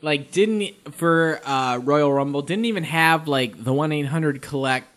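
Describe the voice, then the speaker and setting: A man's voice: fairly high pitch, measured pace, fairly bright tone. A man co-hosting a podcast, chatting casually with crude, playfully combative jokes. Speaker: podcast co-host.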